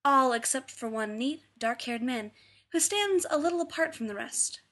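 A woman with a fairly high voice narrates a story aloud in an expressive, read-aloud style. Her tone shifts freely as she moves between characters. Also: normal speed. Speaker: reader. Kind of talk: scripted narration of fan fiction.

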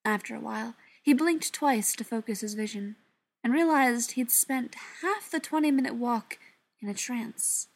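A woman reading a story aloud in a soft, often half-whispered voice. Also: fairly high pitch, normal speed. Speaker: narrator. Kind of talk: audiobook narration.

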